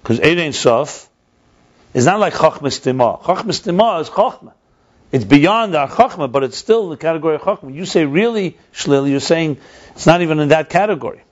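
A man's voice: on the high side, expressive, normal speed. Man explaining a text, lo-fi. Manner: explains step by step, reads passages aloud and glosses them, repeats himself. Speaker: teacher of a text class. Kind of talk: text study lesson. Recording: dull lo-fi recording.

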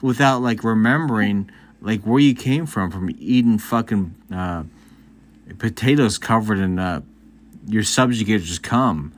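A man guesting on a podcast, doing crude mock-angry rants for laughs. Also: a little slow. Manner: crude, mock-angry ranting, lively swings in pitch. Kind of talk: casual comedic chat.

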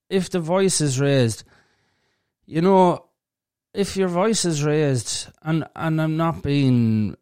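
A man's voice: mid-range voice, darkish tone, smooth, no room sound, clean studio sound. A man hosting a podcast alone, speaking frankly and bluntly, swearing freely and thinking aloud as he goes. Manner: thinks aloud with fillers and restarts. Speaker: podcast host. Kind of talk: casual solo podcast talk.

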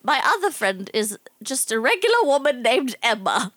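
A playful woman giggling through a comedy podcast improv, her fairly high voice bouncing up and down a great deal. The sound is close and dry, with no room around it. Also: sing-song, normal speed, fairly bright tone, no room sound.

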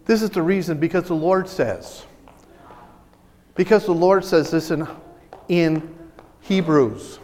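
A high-pitched male pastor delivers a lively sermon in a church sanctuary. He talks with excitable energy and often restarts his sentences. A long hall reverb trails after his voice. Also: slow pace, long pauses. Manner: animated, excitable preaching with many restarts.

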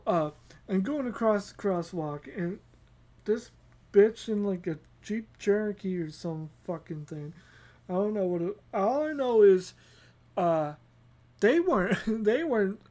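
A woman's voice: mid-range voice, a little mellow. A woman hosting a podcast, telling a rambling comedic story with lots of giggles. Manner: giggly, rambling, self-mocking. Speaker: podcast host.

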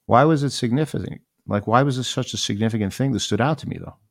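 A man's voice: medium pitch, quick pace. A man in his forties telling a personal story in a rambling, reflective way, often repeating phrases.

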